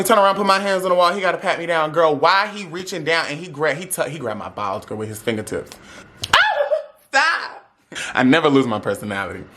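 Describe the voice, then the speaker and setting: A man's voice: fairly high pitch, pushed and bright. A young man speaking tells a dramatic, sassy story to his audience, acting out every voice in it. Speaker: vlogger telling a story. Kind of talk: animated storytime.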